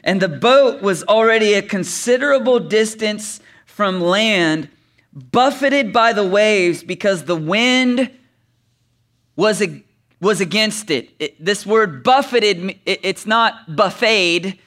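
A man's voice: sits high, takes it slowly. A man preaching a sermon, reading scripture dramatically and joking with the congregation. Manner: animated, reads scripture dramatically, then chats with humor. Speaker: pastor.

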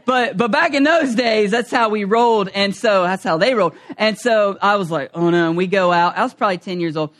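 A middle-aged man preaching a humorous storytelling sermon, animated and acting out the voices in his stories. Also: high voice, fairly quick, hardly any pauses. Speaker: pastor.

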